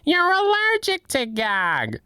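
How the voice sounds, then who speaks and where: A man voicing an exasperated cartoon wife in a high, drawn-out falsetto. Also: wildly swooping pitch, bright, forceful tone, no room sound, clean studio sound, full character voice. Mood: nagging.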